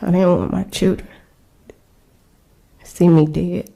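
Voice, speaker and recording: A woman recounting a personal ordeal in an interview, halting and searching for words. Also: on the low side, steady tone, vocal fry, dark tone. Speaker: survivor interviewed.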